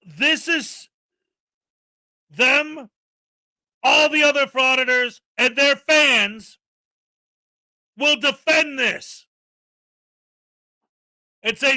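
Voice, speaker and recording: A man hosts a commentary video in an exasperated, sarcastic rant. His voice sits very high, with a sharp, piercingly bright edge. He talks like he has run out of patience. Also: extremely slow, pauses often, no room sound, rough recording. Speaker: commentary channel host.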